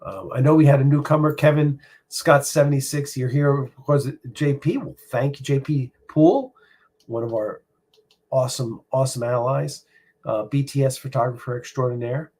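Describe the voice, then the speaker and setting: A middle-aged man with a slightly husky voice hosts a live stream from his home. He speaks in a casual, personal, reflective way, pausing often with ums and restarts. His pitch sits in an ordinary middle range. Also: darkish tone. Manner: reflective, personal, halting with many fillers. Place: home room.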